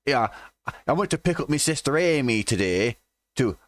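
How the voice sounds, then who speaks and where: Man, sweary mocking reaction commentary, lively pitch, dry cheap mic. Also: normal speed, no echo. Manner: sweary, mocking, laughs often. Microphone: cheap microphone.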